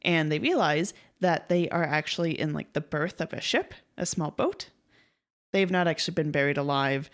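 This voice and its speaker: Low-pitched and at a moderate pace, this young podcast co-host casually retells a story. She chats easily, laughs often, and performs the quotes she recounts.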